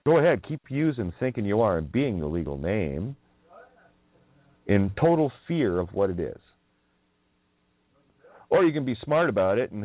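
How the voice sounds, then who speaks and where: A man with a low voice that swoops up and down, delivering a profane, mocking monologue. He chuckles and drags words out in sing-song wordplay. His voice comes through dry and tinny, as if over a phone line. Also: very animated, normal speed, long pauses, no room sound. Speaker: radio show host.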